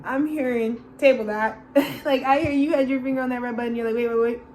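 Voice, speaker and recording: A woman's voice: high-pitched, steady tone, fast talker, darkish tone, slight background noise. A woman giving a casual, channeled tarot reading, slangy and loose, calling listeners bro and laughing often. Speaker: tarot reader.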